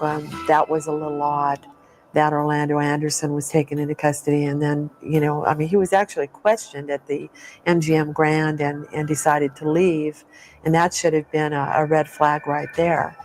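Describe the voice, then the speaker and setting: A woman with a low, flat voice gives a measured, thoughtful account in an interview. Faint music plays under her. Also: low-quality recording. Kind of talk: documentary interview.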